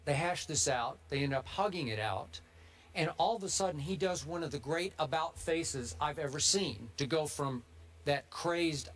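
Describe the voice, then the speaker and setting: Argumentative man debating sports, slightly high voice. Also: moderate pace, a bit bright. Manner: argumentative, builds cases point by point.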